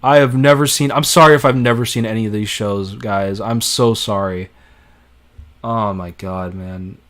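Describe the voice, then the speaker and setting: A man's voice: lowish voice, steady tone, normal speed, a bit bright. Casual young man streaming. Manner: off-the-cuff, swearing, reacting with disbelief. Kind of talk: casual live-stream commentary.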